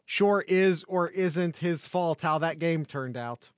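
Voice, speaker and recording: A man's voice: fairly high pitch, takes it slowly, clear, resonant tone, no room sound, clean studio sound. A man co-hosting a casual sports podcast over a call, joking and rambling with many restarts. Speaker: podcast co-host. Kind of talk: casual chat.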